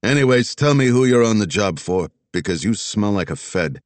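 A blunt old ex-cop with a heavy Philadelphia accent, wisecracking from behind a security desk, as a man puts him on for an audiobook. The voice sits low but swings widely in pitch. The sound is dry and close. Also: expressive, normal speed, dry recording, close to an everyday voice. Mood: gruff. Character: gruff seventy-year-old ex-cop security guard, teasing.

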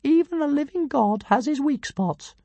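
A woman voicing a tiny, arrogant male dragon who thinks he is a god, with a squeaky, grand and scornful voice. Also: lively intonation, normal speed, mellow, no echo. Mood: pompous. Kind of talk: audiobook character voice.

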